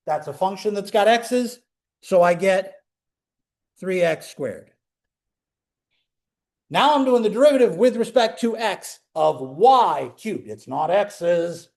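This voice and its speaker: Male lecturer, high voice, live classroom delivery, engaging and step-by-step. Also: unhurried. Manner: animated, talks students through steps with questions. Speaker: calculus lecturer.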